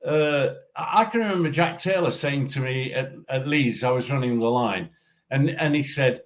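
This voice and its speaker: An older man, a former referee assessor, talking through refereeing in a measured way, often repeating and restarting his words. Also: medium pitch. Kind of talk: casual discussion.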